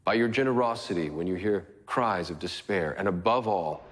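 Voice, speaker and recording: An actor playing a defiant male rebel leader giving a solemn, measured speech to a nation in a dramatic film. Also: deep voice, close to an everyday voice.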